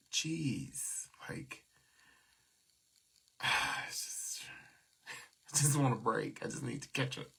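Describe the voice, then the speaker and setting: Man, livestream host, casual chat, husky, bright and tense, candid, venting. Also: medium pitch. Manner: candid, venting, with trailing soft asides; thanks viewers by name.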